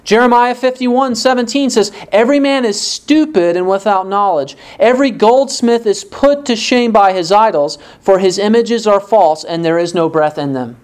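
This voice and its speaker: A man preaching a sermon, reading scripture aloud and asking rhetorical questions, his pitch jumping up for emphasis. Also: moderate pace, few pauses, darkish tone, smooth. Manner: pitch rises sharply for emphasis.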